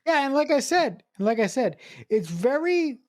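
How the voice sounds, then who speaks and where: A woman co-hosting a movie podcast, jumping in with disbelieving, emphatic comments and blunt swearing. Her pitch swings widely as she talks, and her voice sounds dry and close to the mic. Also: sing-song, normal speed, darkish tone, no room sound. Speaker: podcast co-host. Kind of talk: casual movie-review chat.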